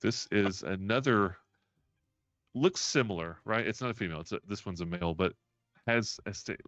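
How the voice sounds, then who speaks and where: A man running a tabletop role-playing game as game master, animated and often laughing. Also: on the low side, moderate pace, no echo, dull audio. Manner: animated, laughing, counting out moves.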